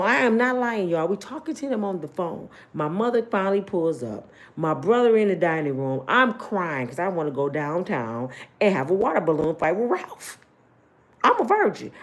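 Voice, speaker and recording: A middle-aged woman who tells a personal story casually, in a blunt, animated and slangy way, speaking straight to her viewers. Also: medium pitch. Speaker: host telling a personal story.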